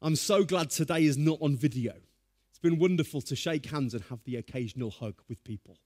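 A man preaching a sermon, telling stories in a lively, humorous way. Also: mid-range voice.

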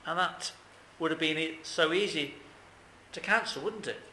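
A man's voice: on the high side, normal speed, bright, forceful tone, reverberant, slight background noise, low-quality recording. A man preaching a sermon, earnest and emphatic, often asking questions of his listeners.

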